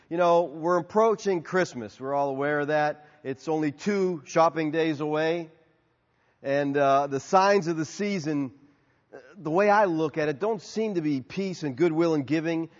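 A pastor delivering a conversational sermon to his congregation, telling stories and sometimes acting out shouted lines. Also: on the high side. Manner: conversational, storytelling with acted-out shouts. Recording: dull, lo-fi audio with long hall reverb.

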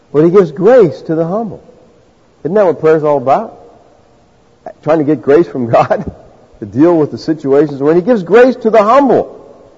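The sermon comes from a pastor whose voice sits high, husky and darkish, recorded lo-fi with long reverb in a hall. He addresses the congregation conversationally, acting out the voices of those he quotes.

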